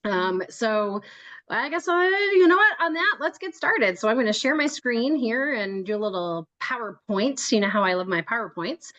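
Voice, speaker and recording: A woman's voice: on the high side, lively intonation, normal speed, a bit bright, lo-fi sound. A woman leading an online trip-planning meeting over a video call, chatty and joking, laughing often as she talks. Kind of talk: casual meeting talk.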